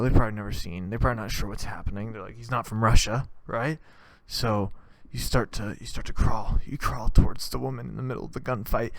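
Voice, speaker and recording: A man's voice: on the low side, darkish tone, no room sound. A man hosting a podcast, delivering a rambling, profane comedic monologue in which he acts out scenes. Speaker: podcast host.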